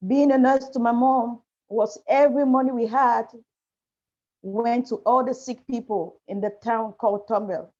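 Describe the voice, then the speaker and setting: Over a video call, a woman appearing as a panel guest shares a painful personal story, halting and apologetic. Her voice is fairly high and a little mellow, and the audio is muffled and lo-fi.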